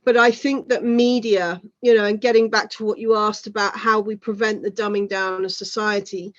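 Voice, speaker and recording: A woman's voice: medium pitch, steady tone, normal speed, muffled recording. A woman in her thirties, a guest in an interview, chatting at length with many "you know" asides. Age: 30s. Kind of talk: casual conversation.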